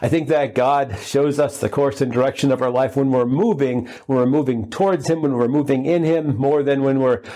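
A male pastor delivers a sermon in a relaxed, conversational way. His voice is mellow and warm, at a middle pitch. He fills his talk with fillers and humorous asides. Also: moderate pace, hardly any pauses.

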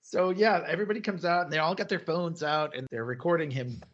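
A man's voice: fairly high pitch, fast talker, highs cut off. A man co-hosting a podcast, casually recapping a TV episode, acting out quotes and laughing often. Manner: animated retelling, acts out quotes, laughs often. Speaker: podcast co-host.

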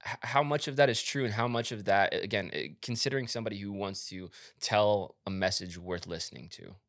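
Male host with a very deep voice, eager and musing, dry close sound. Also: a little fast, a bit bright, no room sound. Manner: enthusiastic, reflective, with restarts. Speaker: podcast host. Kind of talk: conversational interview.

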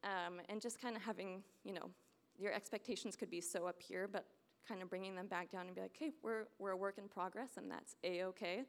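Earnest young woman with a gravelly edge. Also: mid-range voice, fairly even intonation, a little fast. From United States. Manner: earnest, rambling with many fillers. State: getting emotional. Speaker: church member sharing testimony. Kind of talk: personal testimony in church.

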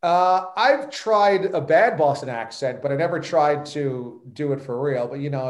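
A man's voice: on the high side, expressive, normal speed, few pauses, reverberant. A man, talking as a podcast guest who tells his story in a confident, emphatic way. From New York. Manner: emphatic and self-assured storytelling. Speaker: guest, sports radio host. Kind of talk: podcast interview.

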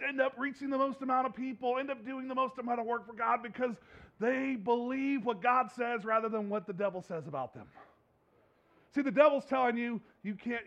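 A man's voice: very high-pitched, a little fast, gravelly, fairly bright tone. A man preaching a sermon as a pastor, in a conversational, humorous way, laughing often. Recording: dull lo-fi recording.

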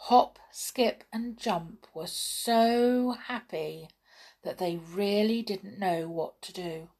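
A woman reading a children's storybook aloud in a gentle, expressive way. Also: medium pitch, takes it slowly. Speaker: storybook reader.

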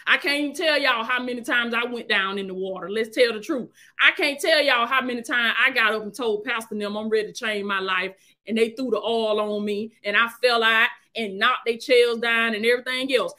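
Preacher woman, high voice, live stream sermon, call-and-response repetition. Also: pushed and bright. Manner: call-and-response exhortation, repeats phrases.

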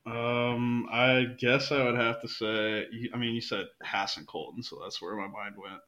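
A young man telling stories on a podcast, rambling and swearing freely. His voice is bright and forceful at a middling pitch, and the recording is slightly dull and lo-fi. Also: little pitch movement, normal speed. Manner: rambling storyteller, swears a lot. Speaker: podcast guest. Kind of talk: casual podcast chat.

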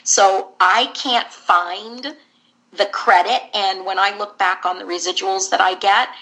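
Bright-toned woman voice actor telling stories. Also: mid-range voice, fairly even intonation, a little slow, low-quality recording. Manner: candid, rambling storyteller. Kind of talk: interview guest recounting career.

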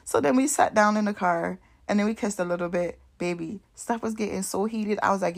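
A young woman talking straight to her viewers in a loose, rambling vlog story. She is chatty and animated, with plenty of asides and laughs. Her voice sits in a middle range and has a gravelly, fried texture. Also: mid-range voice, a little fast, few pauses. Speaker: vlogger. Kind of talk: casual storytelling.

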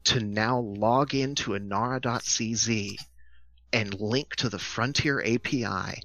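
A man's voice: fairly low pitch, a little slow, a bit bright, no room sound, highs cut off. A man co-hosting a casual podcast, enthusiastically explaining tools step by step. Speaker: podcast co-host presenting game news.

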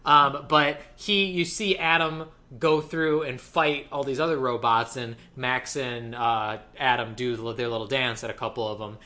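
A man casually retelling a movie plot to a co-host, animated and quoting the characters as he goes. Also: medium pitch. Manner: animated storytelling, quoting characters in quick voices. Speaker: podcast co-host. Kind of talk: casual movie recap chat.

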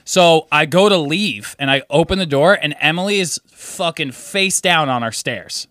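A man co-hosting a podcast spins an animated, profanity-filled story at a moderate pace, putting on high voices to play his friends. The audio is clean studio sound without echo.

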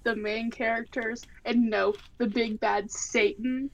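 A woman's voice: fairly high pitch, steady tone, unhurried, creaky, lo-fi sound. A woman chatting casually on a podcast, talking with lots of "you know" and "like". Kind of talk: casual chat.

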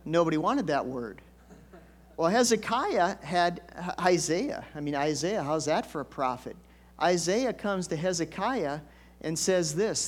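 A man's voice: a little high, lively intonation, a little slow. An older man, a pastor, preaching a conversational storytelling sermon with folksy asides and emphatic swells.

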